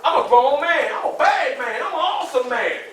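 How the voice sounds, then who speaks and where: A man's voice: very high-pitched, expressive, normal speed, fairly bright tone, a little hiss or hum. A man in his sixties with a Southern US accent, a motivational speaker addressing students in a preacherly call-and-response way with folksy asides. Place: school hall. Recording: echoey room from far off.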